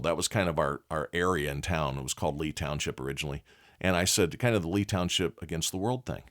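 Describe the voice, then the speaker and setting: Deep voiced guy on a leadership podcast, folksy, laughs a lot while telling stories. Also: a little fast. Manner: animated storyteller who chuckles often; folksy and candid. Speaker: podcast host.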